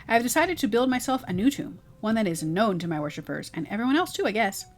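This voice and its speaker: A woman's voice: on the high side, very animated, quick pace. A woman voicing a vain, queenly female cyber ghost, talking in a grand, self-important way while reading game dialogue aloud. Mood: grandiose.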